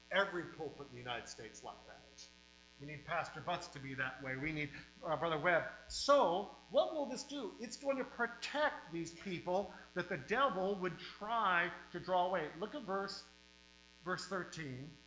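A male pastor preaching a sermon in a church, emphatic, with sudden swings in loudness and words he stretches out slowly. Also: a little high. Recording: roomy, dull sound with faint mains hum.

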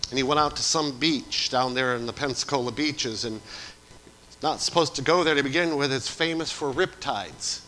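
A man preaching a sermon as pastor, swinging from loud to hushed. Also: medium pitch, moderate pace, slight background noise, poor audio.

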